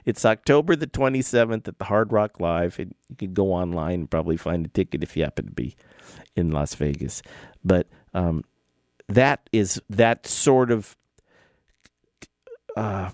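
A man's voice: lowish voice, lively intonation, normal speed, darkish tone, no echo, studio quality. A man, middle-aged, hosting his own podcast and telling rambling music stories in a laid-back, casual way. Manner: rambling, laid-back, with filler words and restarts. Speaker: podcast host. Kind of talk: casual storytelling monologue.

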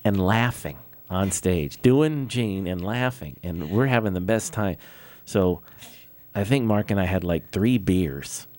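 A middle-aged man hosting a podcast, telling animated anecdotes in casual chat and often laughing. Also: low voice, a little slow. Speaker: podcast host.

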